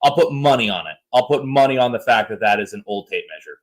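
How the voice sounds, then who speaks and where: A man hosting a podcast, chatting casually. He tells stories in a joking, animated way, his voice pitched mid-range. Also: fast. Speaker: podcast host.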